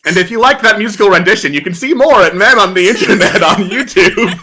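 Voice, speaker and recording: A man on a stream as the guest singer, chatting casually with deadpan jokes. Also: sits high, fairly quick. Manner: deadpan joking.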